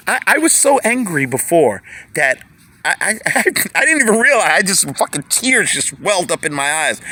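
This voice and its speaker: Emotional man, high and bright, lively pitch, rambling casual monologue with repeated words. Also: normal speed. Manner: swings between loud excited bursts and quiet low asides.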